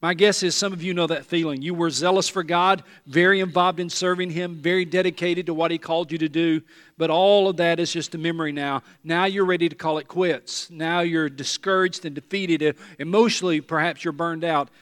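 A pastor preaching a sermon to a congregation, talking earnestly and repeating words for emphasis. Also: male voice, fairly high pitch, steady tone, fairly quick, fairly bright tone. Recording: long reverb of a large hall.

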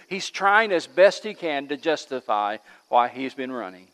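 A man preaching a sermon as pastor in a church, swinging between loud emphatic lines and hushed ones. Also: medium pitch, sing-song, measured pace, hardly any pauses. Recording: long reverb of a large hall.

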